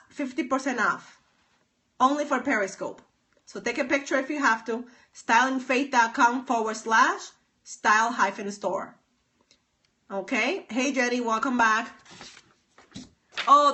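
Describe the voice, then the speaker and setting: A woman's voice: fairly high pitch, pushed and bright. A woman hosting a live phone stream, chatting upbeat with viewers by name and repeating herself often. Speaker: stylist and author hosting a livestream.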